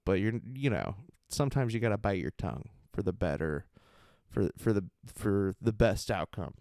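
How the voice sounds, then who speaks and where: A young man hosting a podcast, telling a story in a casual, animated way, laughing and acting out what people said in a mocking voice. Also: medium pitch, smooth, no room sound, studio quality. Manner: animated, laughing, acts out quotes in a mocking raised voice. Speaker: podcast host and stand-up comedian.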